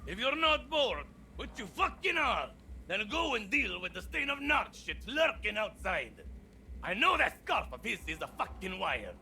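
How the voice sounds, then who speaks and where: A man's voice: sing-song, normal speed, creaky, sharp tone, a little hiss or hum, exaggerated voice. A man voicing a paranoid, unhinged middle-aged male doctor in a video game, with an erratic put-on accent and a sneering manner. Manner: sneering, swinging between high shrill and deep growl.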